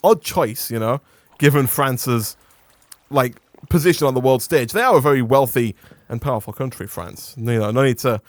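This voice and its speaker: A man's voice: medium pitch, moderate pace, dry recording. A young English man hosting a casual gaming chat who rambles into playful rants and laughs often. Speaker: gaming channel host.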